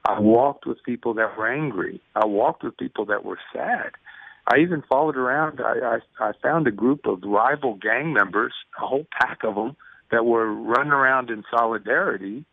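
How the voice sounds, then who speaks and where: A man's voice: mid-range voice, moderate pace, vocal fry, no room sound. A man in his fifties, a guest in an interview, telling stories earnestly and acting out the dialogue. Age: 50s. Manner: earnest storyteller, acts out dialogue. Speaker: guest, prison ministry speaker. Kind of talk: conversational interview over the phone. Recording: tinny phone line.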